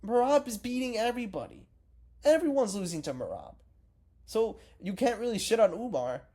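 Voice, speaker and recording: Mellow-voiced man ranting casually. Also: a little high. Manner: rambling, profane, self-correcting. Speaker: MMA reaction vlogger. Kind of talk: casual reaction vlog.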